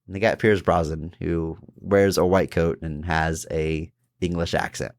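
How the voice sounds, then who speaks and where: He speaks low and unhurried, with little movement in his pitch. As a podcast co-host, he chats about a film with casual enthusiasm and plenty of laughter, recorded cleanly in a studio without echo.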